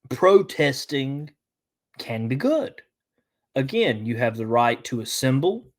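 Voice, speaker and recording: Halting man with allergies. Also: mid-range voice. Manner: halting, many restarts and fillers. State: congested from allergies. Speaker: podcast host. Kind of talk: casual solo podcast commentary.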